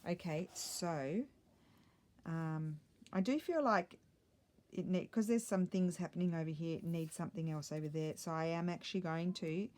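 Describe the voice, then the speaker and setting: A middle-aged woman talks her viewers through a craft project in a relaxed, rambling way, often muttering to herself as she decides. Her voice is mellow and sits a little low. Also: normal speed. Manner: chatty, thinks aloud, muttering asides. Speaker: craft vlogger. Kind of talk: casual crafting chat.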